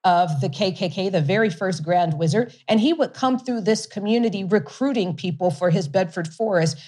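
In an interview, a middle-aged woman who founded a whiskey company and invests energetically tells her story, laughing a lot and restarting sentences. Her mid-range voice has a darkish tone and moves at a moderate pace.

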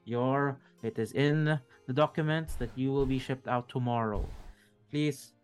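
A man's voice: mid-range voice, a little slow, smooth, faint music behind, close to an everyday voice. A man playing a tired, rehearsed half-orc guard. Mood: weary. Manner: rehearsed, polite, weary.

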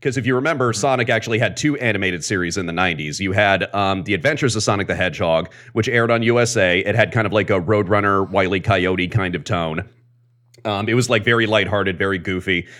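A man with a fairly low voice talks casually on a podcast. He rambles through his explanations with enthusiasm and plenty of asides. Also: a bit bright. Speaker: podcast guest, comics expert.

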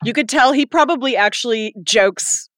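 A woman co-hosting a casual podcast chat, animated and quick to laugh. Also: fairly high pitch, dry recording. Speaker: podcast co-host.

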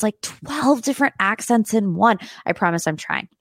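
A woman's voice: mid-range voice, animated, normal speed, no echo. A young woman hosting a podcast, chatting casually about celebrity gossip with lots of "like" and "you guys". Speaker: podcast host.

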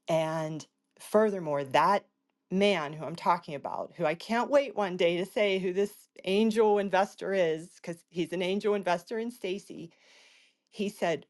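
A woman, a patient advocate, telling a personal story in a panel discussion, acting out the people in it with quick jumps in pitch.

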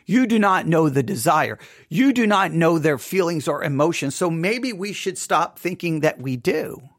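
A male preacher with a high, lively voice that swings widely in pitch. He delivers his sermon emphatically, piling up rhetorical questions and repeated phrases. The sound is dry and close to the mic. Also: moderate pace, dry recording.

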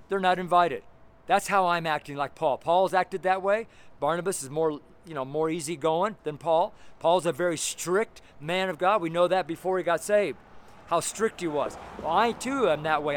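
A man delivers an emphatic street sermon outdoors, his voice sitting fairly high. He presses his points with loud, fervent bursts. Faint street noise from passing traffic hums behind him. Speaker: street preacher.

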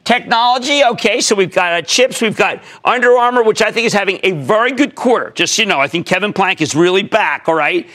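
An older man hosting a finance call-in show, excitable and emphatic in rapid-fire bursts. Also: sits high. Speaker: TV stock market show host.

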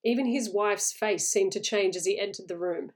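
A woman reading a horror short story aloud in a measured, suspenseful way. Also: mid-range voice.

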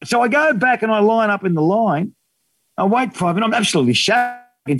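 Animated Australian man telling a yarn. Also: high voice, a little fast. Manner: animated storyteller, slangy and laughing. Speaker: guest. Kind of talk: casual radio chat.

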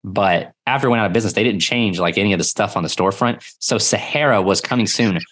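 A man's voice: on the low side, fast talker, slightly rough. A man co-hosting a podcast in casual chat, rambling with many fillers. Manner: rambling, filler-heavy, loud bursts when quoting yells. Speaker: podcast co-host.

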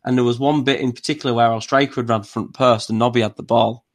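Man, podcast co-host, casual chat, rambling, lots of fillers, mid pitch. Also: steady tone, quick pace. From not from Newcastle. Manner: rambling, filler-heavy storytelling.

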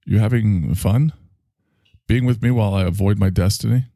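A man's voice: lowish voice, normal speed, mellow. A man hosting a solo comedic monologue, rambling in a wry, self-mocking way. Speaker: host.

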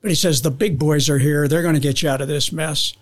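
This older man talks in a slightly high voice, narrating his memories with lots of restarts. He slips into the voices of people on the radio as he tells them. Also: fast talker. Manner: animated storyteller, acts out radio calls, frequent restarts. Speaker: guest, veteran pilot. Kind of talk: casual storytelling interview.

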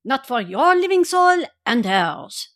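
A woman playing a stern, commanding older male doctor in a dramatic reading, with a grave, measured delivery. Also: high voice, very animated, a bit bright, heavily acted. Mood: fierce.

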